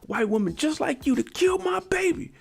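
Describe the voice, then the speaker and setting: A man voicing a distraught young mother, shrieking in grief in a high strained voice. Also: animated, normal speed, gravelly, exaggerated voice. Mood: frantic.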